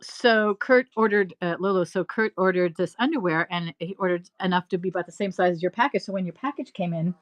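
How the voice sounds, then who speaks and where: A middle-aged woman hosting a live resale stream, rambling through animated stories and laughing often. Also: fairly low pitch, fairly quick, hardly any pauses. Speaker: live-stream reseller host. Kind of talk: chatty live-selling stream.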